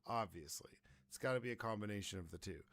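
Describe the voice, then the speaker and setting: A man hosting a podcast, chatting in a laid-back, drawn-out way. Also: fairly low pitch, fairly bright tone. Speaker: podcast host. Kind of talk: casual podcast chat.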